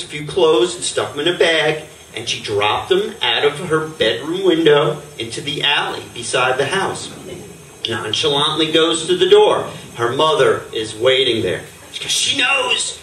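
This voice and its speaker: A man's voice: on the high side, animated, normal speed, a bit bright, a little hiss or hum. A man telling a personal story live on stage in a rambling way, full of fillers and chuckles. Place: stage before an audience. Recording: roomy stage sound from far off.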